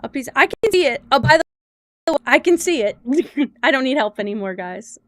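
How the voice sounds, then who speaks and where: A woman's voice: sits high, animated, moderate pace, fairly bright tone. A woman game streamer chatting casually with viewers, exasperated, swearing and laughing at her own troubles. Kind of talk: casual live-stream chat.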